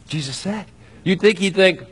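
A man preaching a sermon, acting out scripture with lively swings between loud and soft. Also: sits high, normal speed, breathy edge. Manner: animated, acts out scripture with shifting loudness. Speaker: pastor.

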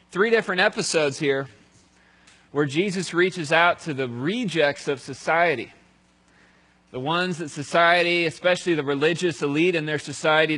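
A man preaching in a relaxed, conversational way, his voice sitting a little high for a man. He tells the story as if picturing it aloud, and his voice falls quiet at the solemn parts. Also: low-quality recording. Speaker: pastor. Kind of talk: sermon.

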